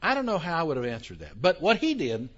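A man's voice: on the high side, huge pitch swings, fast, fairly bright tone. An older man giving a theology lecture to a live audience, conversational, with questions to the room and self-deprecating asides. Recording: dull lo-fi recording.

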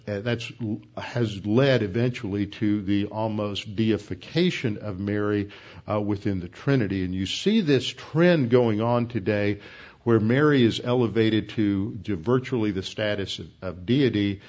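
Guy preaching a sermon, kinda low voice, slow careful explaining, muffled lo-fi recording. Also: darkish tone. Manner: measured, explanatory, slows to stress key words. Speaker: pastor. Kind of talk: expository sermon teaching.

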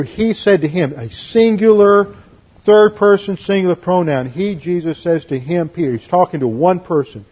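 Male pastor, husky mid voice, emphatic verse-by-verse teacher, muffled lo-fi sound. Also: on the high side. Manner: emphatic, spells out Greek words. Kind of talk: expository Bible teaching.

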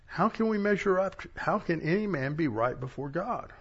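A male pastor giving a sermon, reading verses aloud and pausing for plain-spoken asides. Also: sits high, lively intonation, fairly bright tone, breathy edge, lo-fi sound. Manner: reads verses aloud, stressing key words, with asides. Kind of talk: sermon teaching from scripture.

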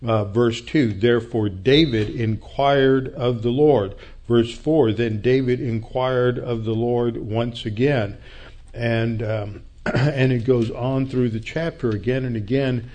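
A man leads a Bible study lecture, with a mellow, warm tone at an ordinary pitch. He talks unhurriedly, full of fillers and restarts. He poses questions and then answers them himself. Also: steady tone. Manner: unhurried, thinking aloud with many fillers and restarts; explanatory, asks and answers his own questions. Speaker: Bible teacher.

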